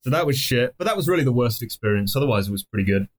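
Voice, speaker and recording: A man's voice: medium pitch, lively intonation, racing. Young guy from mexico on a podcast, swears nonstop, rambly stories, normal mid voice. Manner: swears constantly, rambling anecdotes. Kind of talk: casual podcast chat.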